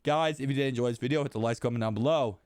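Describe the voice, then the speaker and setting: A man's voice: mid-range voice, rapid-fire, darkish tone, clean tone, no room sound. Sick man hosting a tech vlog. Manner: rambling, repeats himself. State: sick, voice shot. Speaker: tech channel host.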